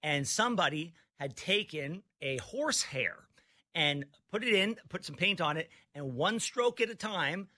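A man's voice: on the high side, animated, pushed and bright, no echo. Storytelling male guest, dry close sound. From Canada. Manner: anecdotal, measured, with restarts. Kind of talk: casual talk show chat.

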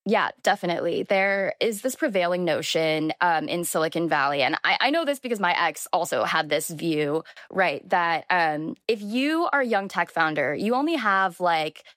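A young woman journalist talks through an interview in a loose, chatty way, full of "um" and "like." Her voice sits a little low, and the recording is dry and close. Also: lively intonation, normal speed, hardly any pauses, a bit bright, no room sound. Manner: chatty, lots of filler words and "like". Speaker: journalist guest. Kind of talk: conversational interview.

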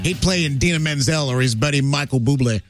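A man's voice: on the high side, quick pace, dry recording, faint music behind. A middle-aged man hosting a talk radio show, chatting casually and joking with many fillers. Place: radio studio. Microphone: studio mic.

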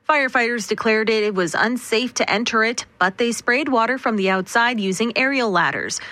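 A woman anchoring a radio newscast, reading the headlines in a steady, measured way. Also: medium pitch, no echo. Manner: steady, measured newsreader delivery. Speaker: news anchor. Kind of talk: scripted news reading.

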